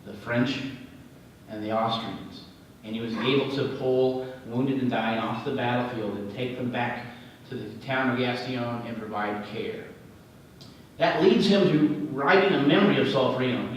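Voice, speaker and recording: A man's voice: medium pitch, a little hiss or hum. A middle-aged man giving a banquet speech as a regional executive, telling stories with folksy joking asides. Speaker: regional Red Cross executive. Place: large banquet hall. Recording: echoey hall from far off.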